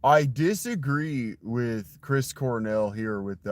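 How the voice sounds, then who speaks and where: A man's voice: mid-range voice, takes it slowly. Man rambling to his livestream chat. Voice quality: put-on voice pushed forward in the throat with slight distortion. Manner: rambling, confiding, talks straight to his chat.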